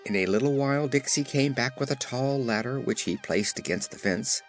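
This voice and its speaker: A man narrating an audiobook with expressive storytelling. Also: medium pitch, normal speed, faint music behind. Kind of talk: scripted narration.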